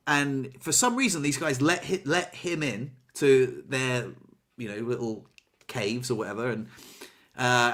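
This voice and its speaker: A man in casual chat, telling an animated story and acting out what people said. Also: fairly high pitch. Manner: animated storyteller, acts out quotes, laughs.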